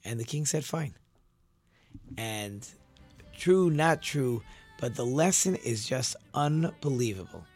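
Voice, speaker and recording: Animated rabbi telling a story. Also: male voice, medium pitch, measured pace, slightly rough, faint music behind. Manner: animated storyteller with frequent restarts. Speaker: rabbi and radio show host. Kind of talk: storytelling sermon on a talk show.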